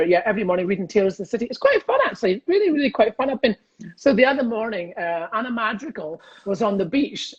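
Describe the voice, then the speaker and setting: This guest is a Scottish comedian chatting cheekily over a video call, frequently breaking into laughter. His voice is high and husky, and the recording has its highs cut off.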